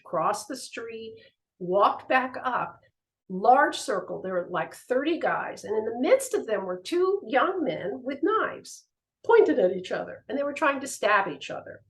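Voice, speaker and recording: A woman's voice: a little high, measured pace, low-quality recording. A woman giving a spiritual teaching talk, telling personal stories with animation and acting out the voices in them. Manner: animated storytelling, acts out the voices in her stories.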